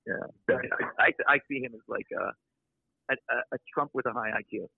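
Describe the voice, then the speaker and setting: A man guest on a podcast, talking in a blunt, opinionated, rambling way, with a gravelly, husky voice. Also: mid-range voice, fairly even intonation, brisk, dry recording. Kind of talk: casual podcast conversation. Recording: dry, tinny phone-like line.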